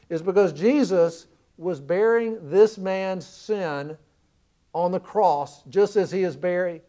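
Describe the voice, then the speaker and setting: A high-pitched man from the American South delivers a sermon. He retells the story earnestly, leaning in and swelling to loud emphasis on key lines. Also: a little slow. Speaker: preacher.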